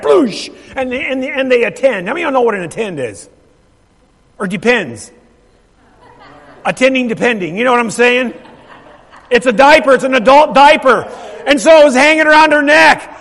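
A man's voice: very high-pitched, expressive, moderate pace, long pauses, fairly bright tone. A middle-aged male pastor telling a story in a sermon, emphatic and repeating his phrases while asking the congregation questions. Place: church sanctuary. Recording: long reverb of a large hall.

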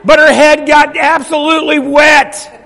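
High-voiced man preaching in an echoing hall. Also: flat delivery, unhurried, vocal fry, bright, forceful tone. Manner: emphatic, repeats phrases, questions the congregation. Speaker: pastor. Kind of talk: sermon storytelling. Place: church sanctuary. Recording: long reverb of a large hall.

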